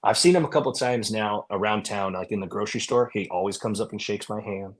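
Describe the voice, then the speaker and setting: Low-voiced man telling a rambling cop story. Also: fairly quick. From California. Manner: casual, rambling, lots of fillers. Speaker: former police officer guest. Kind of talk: storytelling in a podcast interview.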